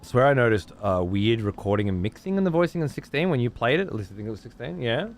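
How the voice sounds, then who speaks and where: A man's voice: mid-range voice, sing-song, fast. A man streaming a game, chatting casually and swearing freely while answering his chat. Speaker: let's play streamer. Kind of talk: casual gameplay commentary.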